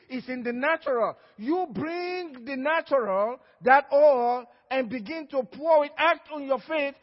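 A male pastor delivering an emphatic sermon and drawing amens from the congregation. His voice is strikingly high for a man. It carries through a long church echo on a muffled, dull recording. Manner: emphatic preaching, calls for amen. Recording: dull, echoey church hall.

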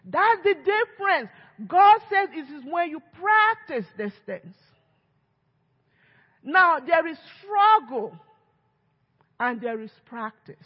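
A woman's voice: very high voice, animated, takes it slowly, long pauses. A woman pastor preaching a sermon, emphatic and acting out quoted voices. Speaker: lead pastor. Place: church sanctuary. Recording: echoey church hall, dull lo-fi sound.

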